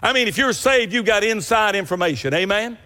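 A man's voice: sits high, animated, brisk, pushed and bright, in a large hall. A man preaching a sermon, telling folksy stories with rising emphatic bursts.

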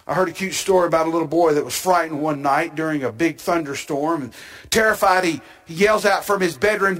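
A man preaching a sermon, with an emphatic delivery that builds to shouted climaxes and drawn-out phrases. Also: on the high side.

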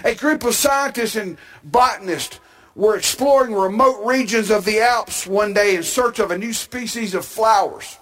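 A man preaching a sermon, with an emphatic delivery that builds to shouted climaxes and drawn-out phrases. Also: high voice.

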